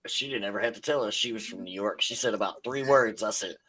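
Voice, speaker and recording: A man's voice: lowish voice, quick pace, bright, forceful tone, breathy edge, poor audio. A man hosting a podcast, chatting in a laid-back, joking way full of slang. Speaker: podcast host. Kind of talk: casual podcast interview.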